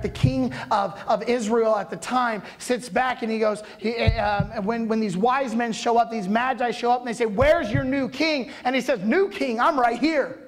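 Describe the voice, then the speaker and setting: High-voiced man preaching a story sermon. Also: poor audio. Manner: dramatic retelling, repeats words, builds to loud peaks.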